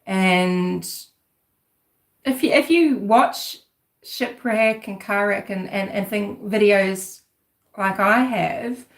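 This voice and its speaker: A woman's voice: mid-range voice, slow pace. A woman giving casual, rambling commentary on a livestream, with a sarcastic edge as she digs into a case. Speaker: true-crime commentator. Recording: roomy echo.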